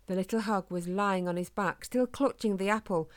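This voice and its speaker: A woman reading a children's storybook aloud in a calm, gentle, steady way. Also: medium pitch, normal speed, few pauses. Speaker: narrator.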